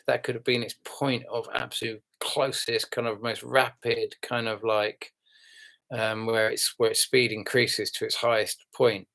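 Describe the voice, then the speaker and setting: Rambling, halting man on a live stream. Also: mid-range voice, vocal fry, a bit bright. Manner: rambling, halting, with many fillers. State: yawning, relaxed after red wine. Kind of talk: casual live stream chat.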